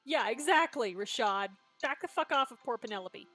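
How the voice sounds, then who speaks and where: A woman's voice: on the high side, lively intonation, moderate pace, few pauses, sharp tone, faint music behind. A woman streaming a story game, reacting in blunt, sarcastic commentary and swearing freely.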